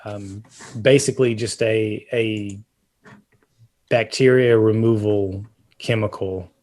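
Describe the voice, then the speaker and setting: A man's voice: on the low side, steady tone, takes it slowly, a little mellow. A man co-hosting a casual home-repair podcast, explaining things at length with plenty of fillers and restarts. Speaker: podcast co-host. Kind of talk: casual chat about roofing.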